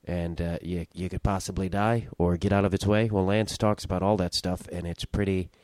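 A man's voice: sits low, level tone, moderate pace, a little mellow, no echo. A young man hosting his own podcast, telling a story in a rambling, self-interrupting way and swearing casually. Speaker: podcast host.

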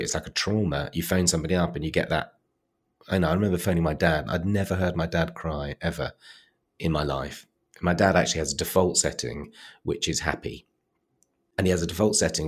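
Man, deep low voice, husky, reflective, quiet halting storytelling, podcast guest. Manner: reflective, quiet and halting when recalling grief. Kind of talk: personal storytelling in a podcast interview.

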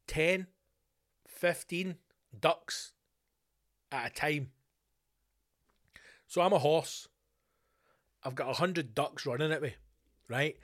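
A man's voice: a little high, moderate pace, pauses often. Scottish man hosting a rambling solo podcast. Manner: rambling, animated storytelling with swearing. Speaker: podcast host. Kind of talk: solo podcast monologue answering listener questions.

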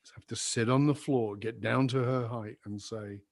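An older man, a guest, sharing a personal story in an earnest, confessional way, his voice going soft and low at tender moments. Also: fairly even intonation, normal speed, creaky. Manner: earnest, confessional, drops soft and low when recalling apologies.

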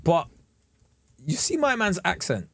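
A man's voice: high-pitched, wildly swooping pitch, unhurried, vocal fry, fairly bright tone. A man co-hosting a podcast, joking around and laughing often in casual chat. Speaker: podcast co-host.

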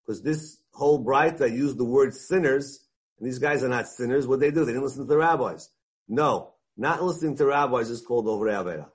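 A man teaching a Talmud class, animated, weaving Hebrew and Aramaic terms into his English and acting out the dialogue. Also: mid-range voice, brisk, breathy edge.

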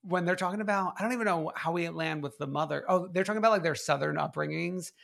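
A podcast co-host recaps a reality show in casual chat, his slightly high, fairly bright voice moving fast with vocal fry. He laughs often and tells stories with animation.

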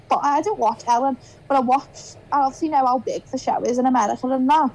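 Chatty young Scouse woman, high voice. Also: fast, hardly any pauses, low-quality recording. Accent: Scouse (Liverpool). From Liverpool, England. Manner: animated storyteller, acts out quotes. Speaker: podcast guest, TikToker. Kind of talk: casual chat.

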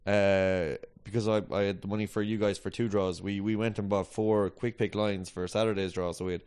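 A man on a podcast whose voice sits a little low. He rambles and restarts, feeling his way through his stories in casual chat. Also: flat delivery, brisk, darkish tone, smooth. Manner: rambling, hesitant, full of restarts. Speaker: podcast co-host.

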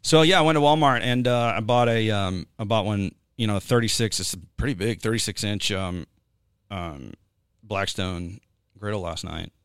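A man's voice: fairly low pitch, moderate pace, clear, resonant tone, no echo, studio quality. A man hosting a podcast, chatting casually and rambling with lots of fillers and jokes. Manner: rambling, joking, many fillers. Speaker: podcast host. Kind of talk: casual chat.

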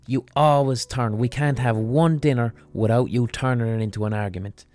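A man's voice: medium pitch, steady tone, normal speed, a little mellow, natural voice. A man voicing a frustrated young woman, a resentful girlfriend, in a blunt, sweary way. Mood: aggrieved.

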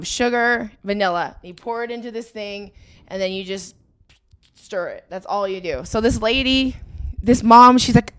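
A woman's voice: medium pitch, no room sound. A woman co-hosting a podcast, chatting casually and telling stories with frequent laughter. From Edmonton, Canada. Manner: chatty, laughs often, storytelling. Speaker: podcast co-host. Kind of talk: casual chat.

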